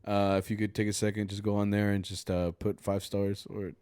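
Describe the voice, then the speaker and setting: A man's voice: on the low side, little pitch movement, a little fast, darkish tone, clean tone, dry recording, studio quality. A young man co-hosting a podcast in casual chat, laid-back, swearing and mixing in Spanish phrases, sounding congested. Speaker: podcast co-host.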